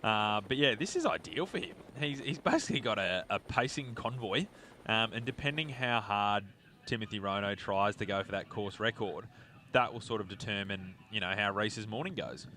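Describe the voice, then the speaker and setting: A man's voice: on the low side, expressive, moderate pace, bright, forceful tone, a little hiss or hum. A man giving conversational, analytical commentary on a live race.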